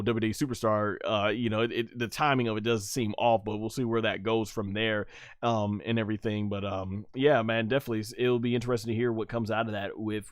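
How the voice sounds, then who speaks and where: A man's voice: fairly low pitch, no room sound, studio quality. A man hosting a casual live stream about wrestling, reading chat messages aloud and rambling with fillers.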